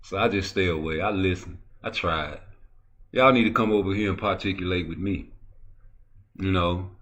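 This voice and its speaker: Male boxing talk host: heated, profane ranting, lower voice with a forceful edge. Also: moderate pace. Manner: profane, heated, swings from low mutter to loud ranting. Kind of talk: ranting commentary.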